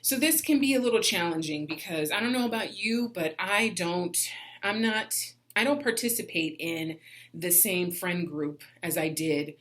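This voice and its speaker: A woman in her forties giving casual motivational advice in a self-help vlog, laughing often and jumping up in pitch for emphasis. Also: normal speed, a bit bright. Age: 40s.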